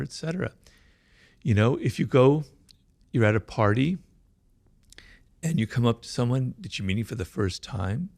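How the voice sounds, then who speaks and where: A middle-aged man talking fast and emphatically as an author in an interview, often checking in with "right?". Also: fairly low pitch, vocal fry, darkish tone, dry recording. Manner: fast-talking, admits his mind races; emphatic, peppers points with "right?". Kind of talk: conversational interview.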